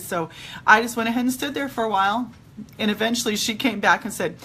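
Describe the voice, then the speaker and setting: A woman's voice: mid-range voice, a little fast, a bit bright, a little hiss or hum. A middle-aged woman chatting casually while doing her makeup, retelling an everyday run-in with quoted back-and-forth dialogue. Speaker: vlogger.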